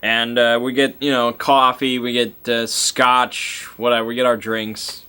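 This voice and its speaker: A man's voice: medium pitch, level tone, measured pace, pushed and bright, smooth. A man casually recapping a tabletop game session, rambling, with many fillers and chuckling asides.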